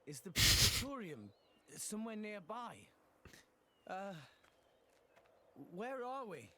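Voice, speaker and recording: A man's voice: sits high, big pitch swings, takes it slowly, sharp tone, slight background noise, full character voice. An actor with a British accent playing an earnest young male adventurer hero in a video game, blurting bewildered questions. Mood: confused. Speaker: game character.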